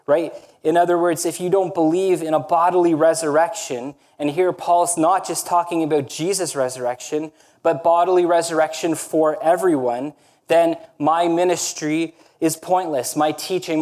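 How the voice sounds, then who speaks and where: A male pastor delivering a sermon in a somewhat high voice. He preaches earnestly and with emphasis, often checking in with his listeners through a quick rhetorical question. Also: a little mellow.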